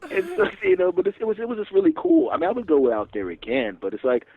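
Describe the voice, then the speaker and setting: A man, a comedian telling stories in an animated, profane way as a guest. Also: sits high, fast, crowd noise. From Philadelphia area, USA. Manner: animated, swearing, laughs often, acts out dialogue. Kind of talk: casual storytelling interview. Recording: dull lo-fi radio recording.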